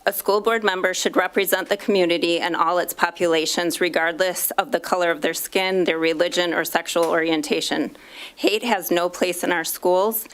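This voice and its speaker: A woman's voice: lowish voice, steady tone, moderate pace. A woman, a former classroom teacher, makes a firm, indignant public comment at a school board meeting, with some fillers. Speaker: community member at public comment.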